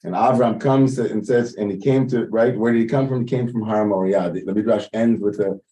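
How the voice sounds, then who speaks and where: Man teaching Torah study, mellow voice, picked up from a little way off the mic, casual explanations. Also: fairly low pitch, steady tone, brisk, distant mic, low-quality recording. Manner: explains Hebrew text line by line, translating as he goes. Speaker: teacher leading text study.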